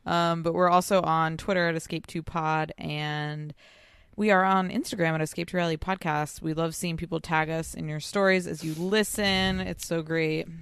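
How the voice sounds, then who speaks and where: A woman's voice: sits low, steady tone, normal speed, fairly bright tone, clear, resonant tone, no room sound, studio quality. A woman co-hosting a podcast in casual chat, blunt and sarcastic, swearing freely. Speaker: podcast co-host.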